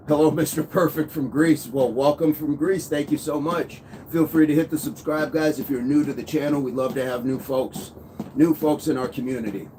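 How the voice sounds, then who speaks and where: Reading viewer comments aloud on his live fitness stream, this man in his thirties keeps walking on a walking pad and stays upbeat and chatty. His medium-pitched voice has a slightly mellow quality. Faint background noise can be heard.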